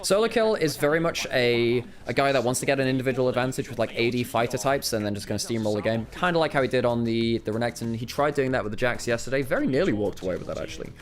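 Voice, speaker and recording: A man with a Nottingham accent casting a live esports match, chatty and animated, laughing and restarting his sentences. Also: mid-range voice, fast, few pauses. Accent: East Midlands English (Nottingham). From English Midlands. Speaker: esports commentator. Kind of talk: casual live esports commentary.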